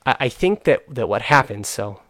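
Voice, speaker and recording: A man's voice: mid-range voice, animated, normal speed, fairly bright tone, dry recording. Earnest young man, dry close sound. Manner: earnest, frustrated, many fillers and restarts. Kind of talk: casual chat.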